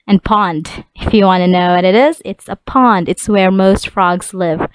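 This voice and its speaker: A woman teacher giving an online class lesson, slowly and clearly repeating vocabulary words for young students. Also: medium pitch, lively intonation, no echo, rough recording. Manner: slow, clear word-by-word drilling of vocabulary.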